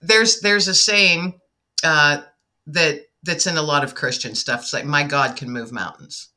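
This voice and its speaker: A middle-aged woman in casual conversation, telling stories with lively acted-out quotes. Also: low-pitched, measured pace. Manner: animated storyteller, acts out quotes loudly. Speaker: podcast guest.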